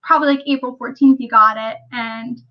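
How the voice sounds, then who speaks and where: A woman's voice: a little high, steady tone, a little fast, highs cut off. A woman hosting a casual livestream chat, talking in a chatty way and reading viewer comments aloud. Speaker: livestream host.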